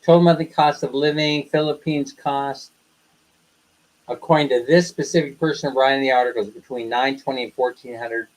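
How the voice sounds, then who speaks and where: Here the older Western host's medium-pitched voice sounds somewhat dark, and the recording is low quality. It's a casual livestream where he chats through stories, laughing often and voicing what others said.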